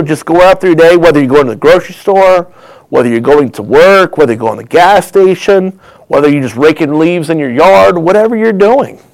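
Soft-spoken earnest man reflecting. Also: on the high side, poor audio. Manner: soft, emotional, sometimes dropping to a whisper. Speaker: host reacting to a clip. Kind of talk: reflective commentary.

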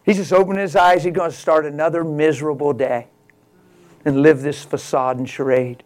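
A male pastor preaching a sermon, telling a story and swinging from quiet, slow lines to loud exclamations. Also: a little high, steady tone.

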